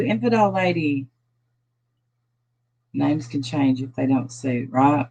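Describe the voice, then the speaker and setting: A woman's voice: sits low, lively intonation, slow, pauses often, a little mellow, breathy edge, poor audio. A tired, sad-sounding middle-aged woman, rambling loosely through a casual phone livestream as she greets her viewers one by one. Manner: loose, rambling talk with restarts. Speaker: livestream host.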